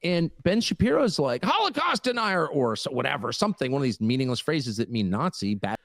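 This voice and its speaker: A middle-aged man talking in an interview, emphatic and moralizing. His pitch rises and falls a great deal, and the recording is dry and close. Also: lively intonation, brisk, no echo. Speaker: political commentator in a played clip. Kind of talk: interview talk.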